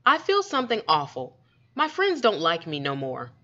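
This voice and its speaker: A woman's voice: on the low side, wildly swooping pitch, normal speed, a bit bright. A woman voicing an earnest young girl who speaks plainly and folksy, pleading to be understood. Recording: dull lo-fi recording.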